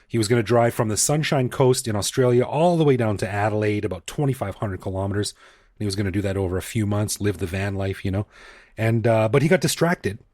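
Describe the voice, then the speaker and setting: Fast-talking jokey podcast co-host, man. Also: lowish voice, no echo, studio quality. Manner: jokey, animated. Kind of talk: casual chat. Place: living in Bangkok.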